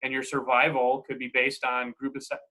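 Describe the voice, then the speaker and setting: A man's voice: mid-range voice, monotone, brisk, pushed and bright. A young man co-hosting a casual podcast chat, easygoing and upbeat. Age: young adult. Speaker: podcast co-host.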